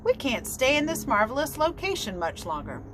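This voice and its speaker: Woman doing a stately, long-winded father swan, solemn, lecturing, lively swings in pitch. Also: normal speed, noisy background.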